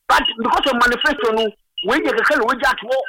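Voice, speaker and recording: A man's voice: extremely high pitch, brisk, far from the mic, heavy background noise. A man calling a sports radio show, making his point emphatically with repeats. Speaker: caller. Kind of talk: phone-in call.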